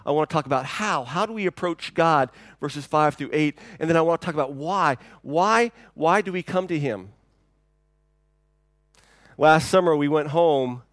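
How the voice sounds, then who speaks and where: A man preaching a sermon in a relaxed, conversational way, often repeating words as he starts sentences. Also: on the high side, normal speed, no room sound. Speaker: pastor. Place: church.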